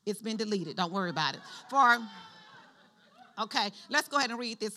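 A middle-aged woman pastor giving a sermon in an animated, conversational style, calling on the congregation to respond. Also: medium pitch, moderate pace, pauses often.

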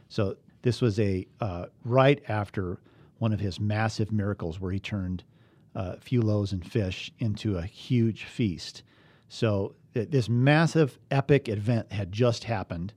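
A man's voice: fairly low pitch, measured pace, a little mellow, no room sound. A man teaching a bible study, reading scripture aloud and asking his listeners earnest, emphatic questions.

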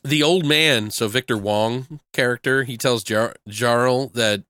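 A man's voice: mid-range voice, a little slow, sharp tone, no echo. A man co-hosting a movie podcast, talking casually and joking, swearing freely as he riffs. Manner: laid-back, swears freely, jokes and riffs. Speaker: podcast co-host reviewing movies. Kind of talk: casual chat.

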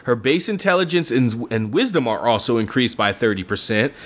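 A man's voice: medium pitch, fairly quick. A man co-hosting a casual chat, animatedly recapping a book and acting out lines from it. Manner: animated retelling, acts out characters' lines. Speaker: podcast co-host recapping a book. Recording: dull lo-fi audio.

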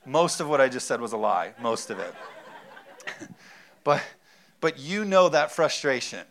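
A man in his thirties preaching a sermon, animated, laughing often and asking the congregation whether they are with him. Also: medium pitch, unhurried, slight background noise. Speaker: pastor.

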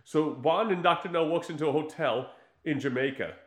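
A man chatting casually about old spy films, his voice sitting a little high. He laughs often, swears freely and acts out the scenes he describes. The room around him rings with echo. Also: moderate pace. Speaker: podcast co-host. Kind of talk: casual film chat. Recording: echoey room.

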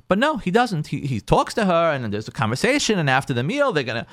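A male rabbi tells a story to his listeners, his voice rising and falling with expression. He slips into each character's lines as he goes, keeping the telling animated from start to finish. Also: mid-range voice, quick pace, hardly any pauses. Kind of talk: storytelling talk.

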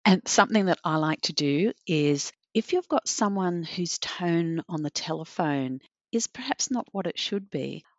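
A woman's voice: fairly low pitch, lively intonation, unhurried, no echo. A woman as a podcast guest, sharing practical examples in a friendly, anecdotal way. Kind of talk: podcast chat. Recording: dry, slightly dull lo-fi recording.

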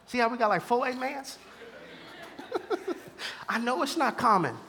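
A man preaching a sermon to a live church congregation, moving from hushed asides to shouted peaks and laughing along with the crowd. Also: very high-pitched, sing-song, slow. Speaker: pastor.

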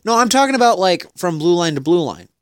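A man's voice: sits high, sing-song, smooth, dry recording, studio quality. A man co-hosting a podcast, chatting casually about hockey, playful and teasing, often trailing off. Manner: playful, quick to tease, trails off mid-thought. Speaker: podcast co-host.

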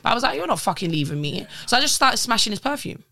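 A young woman telling travel stories as a podcast guest, casual and animated, swearing and acting out quotes. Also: a little high, fast, creaky. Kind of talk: casual storytelling.

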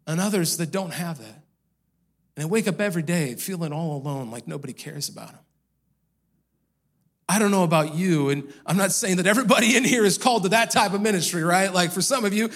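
A man's voice: sits high, fairly bright tone, slightly rough. A male pastor preaching a sermon in a church, telling a story in a loose, conversational way. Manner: conversational storytelling with casual fillers.

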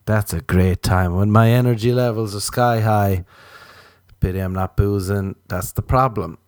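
Man, podcast host, low mellow voice, jokey rambling, leaps up in pitch, dry close mic. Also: steady tone, moderate pace, no echo. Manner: self-mocking, jokey, rambling with sudden pitch jumps. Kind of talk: rambling late-night solo podcast.

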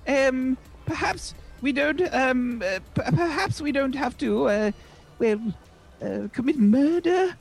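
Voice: high-pitched, takes it slowly, vocal fry, soft background music. Hesitant, polite tabletop player. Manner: hesitant, polite, formal wording.

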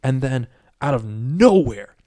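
Speaking slowly in a mid-range voice, a man recaps a movie as a podcast co-host in casual conversation. He narrates animatedly, leans heavily on "like" and other fillers, and acts out quotes with brief character voices.

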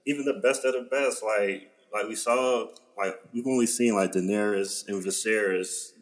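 Male co-host, deep-ish voice, excited slangy chatter. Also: moderate pace, rough recording. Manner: excited, slangy, swearing, heavy "like" filler. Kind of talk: casual chat.

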